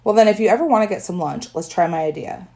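A woman's voice: lowish voice, fast, warm tone, lightly acted. A woman voicing a fussy, worried mother who scolds and coaxes her sons. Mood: coaxing. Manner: fretful, scolding.

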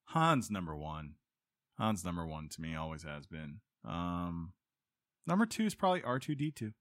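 A man's voice: sits low, sing-song, moderate pace, a bit bright, no echo. A man hosting a podcast in casual chat, joking and rambling with a self-mocking streak. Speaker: podcast host.

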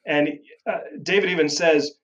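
Earnest man hosting, higher-pitched. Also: fairly even intonation, moderate pace, muffled recording. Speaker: host. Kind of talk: conversational interview.

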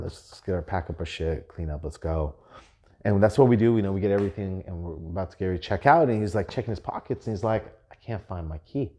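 A man's voice: sits low, dark tone. A young adult man hosting a podcast, telling a profane story in a loose, laughing way. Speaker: podcast host. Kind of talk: casual storytelling monologue.

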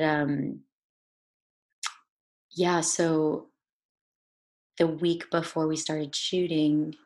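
Young woman guest, low husky voice, halting and tearful, restarts often. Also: a little mellow. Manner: halting, with many restarts and fillers. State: tearful, voice breaking. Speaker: actor guest. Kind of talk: personal storytelling in an interview.

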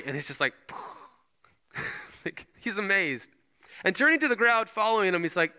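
Man, pastor, sermon, animated storytelling, slightly high voice, bright tone. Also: moderate pace, clear, resonant tone. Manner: animated storytelling, retells scripture in casual words.

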